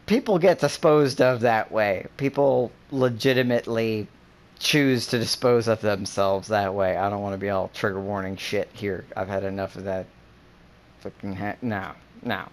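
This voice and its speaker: A man in casual chat, rambling with many fillers and breaking into profane, animated rants. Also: lowish voice, normal speed.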